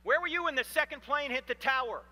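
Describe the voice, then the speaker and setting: A man in his fifties giving an animated, humorous storytelling lecture to a live audience in a hall. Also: very high-pitched, fast. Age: 50s. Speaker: Christian apologetics speaker.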